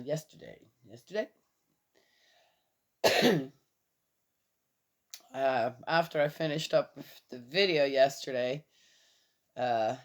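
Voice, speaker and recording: A woman in her fifties talks through a casual morning vlog, still a little tired. Her voice sits low and she takes her time, rambling from one thought to the next and chuckling often. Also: darkish tone. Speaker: vlogger.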